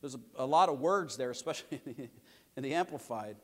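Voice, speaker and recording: A man preaching a sermon as pastor, emphatic and repetitive, swinging between loud declarations and quieter asides. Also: medium pitch, animated, quick pace, big-room sound.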